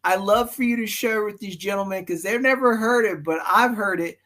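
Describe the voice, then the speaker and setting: A man's voice: high voice, fairly quick, hardly any pauses, bright, forceful tone. A male host eagerly and respectfully prompting his guest to tell a story. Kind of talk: casual interview.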